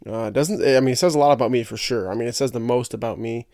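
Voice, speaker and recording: A young man talks loosely to his podcast listeners, jokey and rambling, and he stumbles into repeated words now and then. His voice sits at an ordinary middle pitch. The sound is close and dry, with no room around it. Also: fast, darkish tone, no echo. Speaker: podcast host. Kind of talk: casual solo chat.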